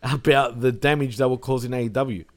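A man's voice: mid-range voice, fairly even intonation, brisk. A man hosting a casual wrestling review podcast, recapping segments and swearing. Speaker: podcast host.

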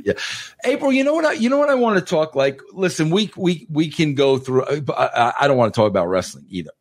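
Lively stammering man host. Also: fairly high pitch, fast. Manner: stammering restarts, enthusiastic. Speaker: interview host. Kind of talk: casual interview chat.

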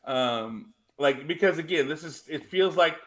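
A man's voice: on the high side, expressive, measured pace. A man hosting a casual wrestling podcast, rambling and restarting his sentences, swearing freely. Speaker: podcast host.

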